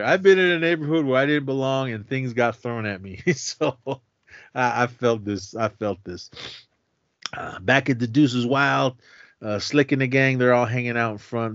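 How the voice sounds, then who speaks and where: A man in a mid-range voice recaps a movie in a casual, animated way. He often slips into the characters' lines as he goes. The sound is dry and a little dull, with no room around it. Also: medium pitch, unhurried, no echo. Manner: animated retelling, jumps into quoted voices. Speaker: podcast co-host.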